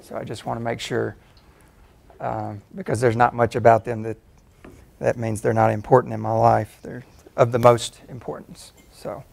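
A man in his fifties from Tennessee with a Southern accent, giving a relaxed, self-deprecating personal talk as a faculty speaker. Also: medium pitch, moderate pace, creaky. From Tennessee, USA. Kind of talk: personal talk at a campus forum.

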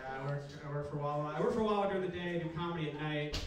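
Young man doing deadpan stand-up in a club. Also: a little high, distant mic, crowd noise. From Philadelphia. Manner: deadpan, halting with fillers. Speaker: stand-up comedian. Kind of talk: stand-up set. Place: comedy club stage. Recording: echoey club recorded from afar, loud noise. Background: audience laughter.

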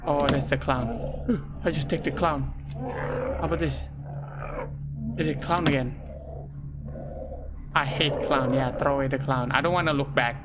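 A man commentating a horror game let's play, excitable, swearing and yelping at scares, in non-native English. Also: mid-range voice, unhurried, pauses often, very noisy. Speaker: gaming YouTuber. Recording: loud game music behind.

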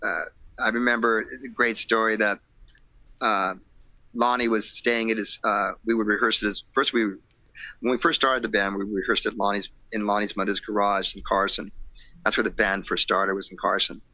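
A man, a rock singer guesting on an interview show, telling stories in a casual, animated way and acting out old conversations. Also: on the low side, normal speed, dry recording. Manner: animated storyteller acting out quotes, laughing, swearing.

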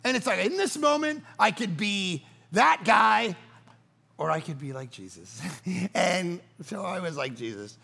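A middle-aged man preaching a sermon as pastor, telling stories with animated swings between loud bursts and hushed, quiet passages. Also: high-pitched, measured pace, gravelly.

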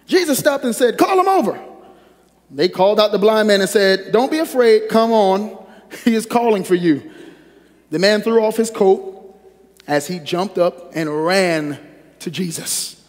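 High-voiced man preaching a sermon in an echoey hall. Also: a little slow. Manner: lively call-and-response, teasing the congregation. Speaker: pastor. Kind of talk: sermon with scripture reading.

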